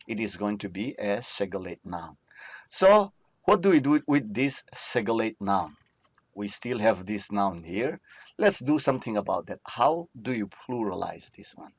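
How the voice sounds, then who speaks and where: Slow-spoken male grammar teacher. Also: medium pitch, dry recording, muffled recording. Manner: repetitive, checks in with "okay?". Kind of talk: recorded grammar lecture.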